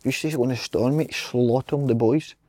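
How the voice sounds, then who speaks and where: A man's voice: mid-range voice, steady tone, fairly quick, dark tone, no room sound. A Scottish man co-hosting a football podcast, talking in sweary, mumbled banter. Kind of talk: casual football chat.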